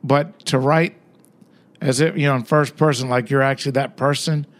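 A man's voice: medium pitch, steady tone, normal speed. Rambling older man telling stories. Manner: rambling, conversational, many fillers and restarts. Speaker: author and guest. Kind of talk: casual storytelling interview.

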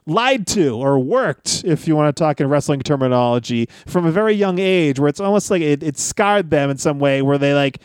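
High-voiced, rambling male podcaster. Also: animated, moderate pace, few pauses, clear, resonant tone, no echo. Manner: reflective, rambling with fillers. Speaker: podcast co-host. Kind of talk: casual podcast chat.

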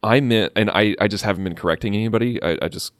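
A podcast co-host with a lowish, fairly bright voice talks fast in casual chat, rambling with fillers and restarts, and gives a slight cough. The sound is clean studio audio with no room sound.

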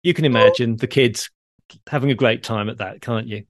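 A man's voice: mid-range voice, a little fast. Guy hosting a podcast chat, dry easygoing storyteller, deadpans his corny jokes. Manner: dry storyteller delivering groan-worthy jokes. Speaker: podcast host. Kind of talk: conversational explaining.

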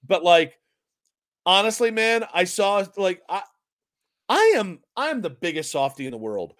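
A man's voice: high voice, very animated, measured pace, a bit bright, no room sound, clean studio sound. A man co-hosting a casual sports podcast, telling rambling, self-mocking stories and breaking into giggles. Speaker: podcast co-host.

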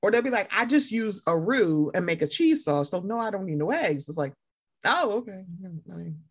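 A young woman co-hosting a casual chat, animated and swearing, acting out other people in loud high voices. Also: normal speed, slightly rough. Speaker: podcast co-host.

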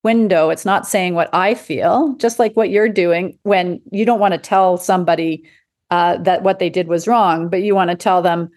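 Woman physician guest, conversational, animated, quotes others in her stories, laughs easily. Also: lowish voice, normal speed. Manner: animated storyteller, acts out quotes, laughs often. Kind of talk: casual conversation.

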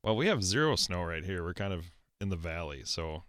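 A man with a low, deep voice co-hosts a casual racing talk show. He rambles and jokes in an easygoing way. The sound is dry and close, with no room around it. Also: animated, brisk, fairly bright tone, no room sound. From South Dakota. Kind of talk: casual chat.

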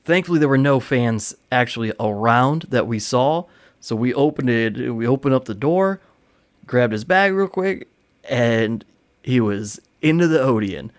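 A man's voice: mid-range voice, expressive, measured pace. A man hosting a podcast, telling a backstage story in a loose, rambling way, swearing casually and laughing now and then. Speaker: podcast host, wrestling promoter.

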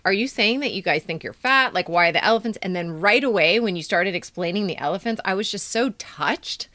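A woman's voice: on the high side, creaky, fairly bright tone, dry recording. A woman in her fifties, a podcast co-host, giving candid and emotional feedback on a friend's writing in casual, filler-heavy chat. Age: 50s.

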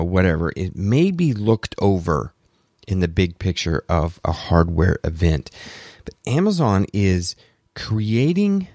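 A man hosting a solo tech podcast, talking in an excitable, rambling way and correcting himself, bothered by allergies. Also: lowish voice, vocal fry, dry recording, clean studio sound. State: allergies, throat clearing. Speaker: podcast host.

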